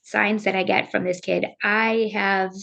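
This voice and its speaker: A middle-aged woman, a bereaved mother, telling her story earnestly and haltingly as a podcast guest. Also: mid-range voice, little pitch movement, gravelly, fairly bright tone. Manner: earnest, halting, circling back on her words. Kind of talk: emotional personal storytelling.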